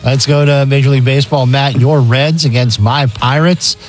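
A man's voice: medium pitch, fairly even intonation, normal speed, faint music behind. A man co-hosting a sports radio show, steadily reading matchups and odds with some fillers. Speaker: radio co-host reading betting lines. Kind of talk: casual sports betting chat.

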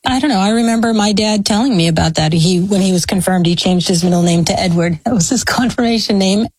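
A woman's voice: medium pitch, fast, darkish tone, husky, no echo, low-quality recording. Thoughtful American woman historian, dry. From United States. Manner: thoughtful, expansive, academic. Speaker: historian, guest. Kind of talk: interview answers. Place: speaking from a law school.

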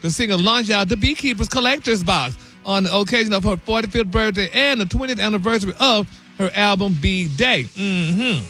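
Flamboyant male gossip correspondent, high and bright, sassy delivery. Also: normal speed, faint music behind. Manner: flamboyant and sassy, calls everyone honey and baby, breaks into song. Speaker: celebrity news correspondent. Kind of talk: radio show celebrity gossip.

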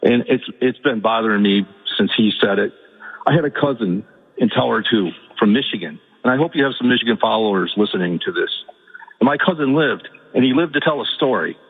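Caller: husky man, mid pitch, halting and earnest, heard through a tinny phone line. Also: expressive, in a large hall. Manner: halting, repeats words, rises to pleading. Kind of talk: emotional call-in story.

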